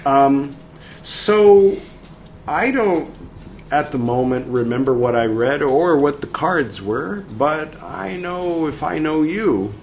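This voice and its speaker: A man's voice: a little high, lively intonation, slow pace, a little mellow, slight background noise. A man hosting a show, reading a text aloud with a theatrical delivery and adding his own commentary. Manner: dramatic, theatrical reading of quotes. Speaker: host. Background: faint background music.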